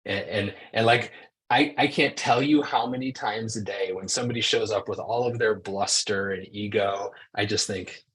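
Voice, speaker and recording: Deep, husky-voiced male guest. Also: normal speed, poor audio. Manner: soft-spoken, reflective, calm storyteller. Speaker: psychologist and author, guest. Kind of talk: casual podcast conversation.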